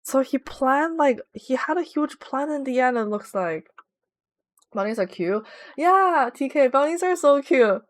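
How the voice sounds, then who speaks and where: A woman's voice: high voice, lively intonation, a little slow. A woman streaming a game, chatting casually and giggling as she reads viewer messages aloud. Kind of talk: casual livestream chat.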